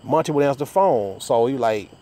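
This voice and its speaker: A man, talking to his viewers in a loose, profane rant. His voice sits at a middling pitch, and he rambles and stumbles over restarts as he goes. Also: animated, brisk, warm tone. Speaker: vlogger.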